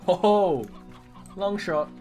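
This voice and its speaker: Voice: mid-range voice, slow, soft background music. A game streamer chatting casually while playing, joking around and trying out silly accents. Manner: chatty, animated, jokes about doing accents. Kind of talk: casual live-stream commentary.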